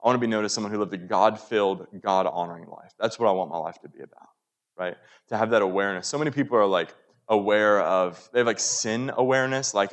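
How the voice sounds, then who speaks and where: A man's voice: lowish voice, fast. Earnest casual young male preacher. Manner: casual, earnest, frequent "right?" and "like" asides. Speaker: pastor. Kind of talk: conversational sermon.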